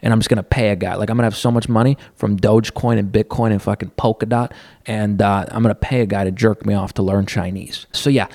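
A man's voice: on the low side, darkish tone, no room sound, clean studio sound. A man hosting a podcast, rambling through a crude, profane comedic monologue while seated on a stool at a counter, laughing often. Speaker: podcast host.

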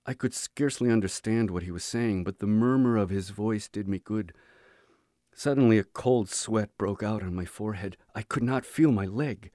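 A man reading a book aloud as an audiobook for his students, measured and earnest. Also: lowish voice, warm tone, no room sound, studio quality.

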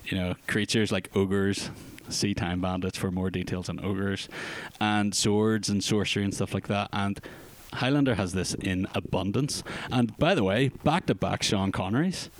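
A man co-hosting a podcast, chatting casually about films in a rambling, jokey, animated way. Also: on the low side, moderate pace, hardly any pauses, dry recording. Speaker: podcast co-host. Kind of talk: casual film chat.

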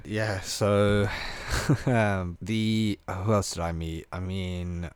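A man telling travel stories on a podcast, animated and slangy, full of "bro" and "like". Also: low voice, drawn-out words, a crowd in the background. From England. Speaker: podcast host. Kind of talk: casual storytelling chat.

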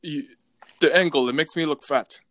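A man's voice: on the high side, moderate pace, fairly bright tone, no room sound, pitched above the performer's own voice, natural voice. A man mimicking a pushy young woman obsessed with her own image, fussy and demanding.

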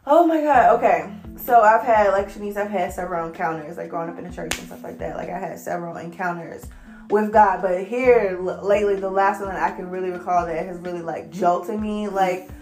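Young woman hosting church talk, lively and slangy, echoey room, little music behind. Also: medium pitch, brisk. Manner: lively, playful, slangy, "like" fillers. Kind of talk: casual faith conversation. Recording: roomy echo with soft music behind.

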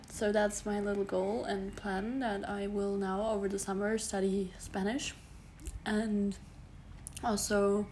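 With a mid-range, darkish voice over slight background noise, a young German woman in her early twenties, around 20, rambles through a casual solo podcast episode. She speaks English with a German accent, using lots of fillers and self-corrections.

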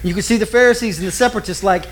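A man preaching a sermon with lively storytelling, acting out the people he quotes. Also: high voice, very fast. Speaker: pastor.

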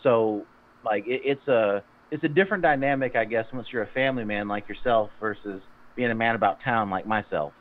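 A man co-hosting a fitness podcast, gruff and teasing, rambling with restarts. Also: fairly low pitch, fairly quick. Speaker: podcast co-host. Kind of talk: casual podcast chat. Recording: tinny phone-like sound.

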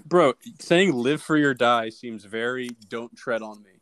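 A man's voice: mid-range voice, slow, a bit bright, smooth. Dry, sarcastic young man. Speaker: podcast co-host. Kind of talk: casual banter.

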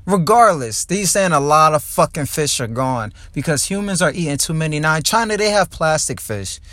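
A man's voice: on the high side, lively intonation, normal speed, fairly bright tone, no room sound. Fired-up young man ranting, profanity-laced. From New Jersey. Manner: heated, profane, frustrated ranting. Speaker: podcast host and comedian. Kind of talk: angry ranting podcast monologue. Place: in his car.

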